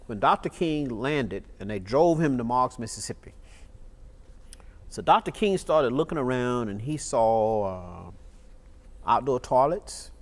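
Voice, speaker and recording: A man, recounting events in an oral history interview, emphatic and fond of repeating key phrases. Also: mid-range voice. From Georgia, USA. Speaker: interviewee, state legislator.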